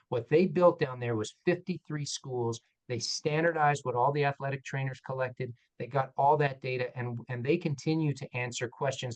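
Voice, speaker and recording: A man's voice: medium pitch, low-quality recording. A man, an orthopedic surgeon, tells stories in a panel discussion, candid and self-deprecating, acting out the dialogue as he goes. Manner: animated, acts out dialogue in quotes.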